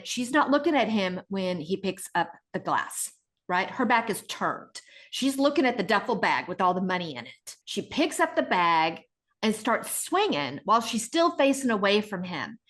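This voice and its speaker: Animated middle-aged woman podcast co-host. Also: medium pitch. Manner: animated retelling with acted-out voices. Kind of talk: casual podcast chat.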